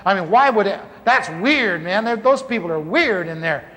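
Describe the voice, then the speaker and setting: Animated man preaching in a reverberant hall. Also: sits high, moderate pace. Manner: animated, comic, acts out dialogue. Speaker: preacher telling his conversion story. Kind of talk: storytelling sermon. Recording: large hall reverb, faint ambience.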